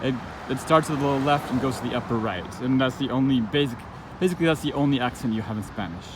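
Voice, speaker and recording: A man giving an informal spoken lesson, thinking aloud as he goes, with halting restarts and frequent fillers. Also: medium pitch, background noise. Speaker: language teacher.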